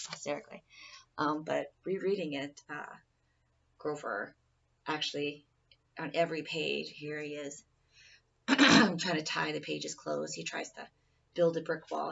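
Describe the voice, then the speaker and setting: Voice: medium pitch, gravelly, a bit bright, husky, dull audio. A person giving an informal presentation speech in a rambling, casual way, often restarting sentences, recorded from a distance.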